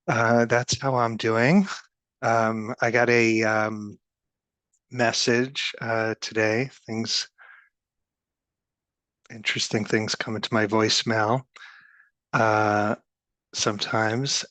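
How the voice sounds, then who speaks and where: A man who teaches meditation, giving a dharma talk in a wry, soft-spoken way with many hesitations. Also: on the low side, dry recording.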